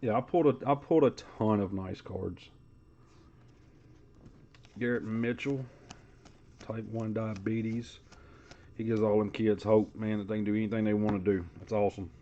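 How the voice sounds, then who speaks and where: A man's voice: fairly low pitch, fairly even intonation, normal speed, pauses often, warm tone, lo-fi sound, a little hiss or hum. A man hosting a live sports card break, calling out player names in a casual, chatty way.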